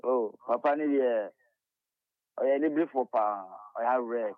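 Ghanaian caller on a tinny phone line. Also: male voice, medium pitch, unhurried, no echo. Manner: emphatic, repeating his point. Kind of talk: call-in radio chat.

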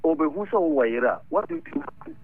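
Gravelly man calling in. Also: fairly high pitch, quick pace, no room sound, faint music behind. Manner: animated, mixes local language with English. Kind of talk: radio call-in talk. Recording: lo-fi radio broadcast.

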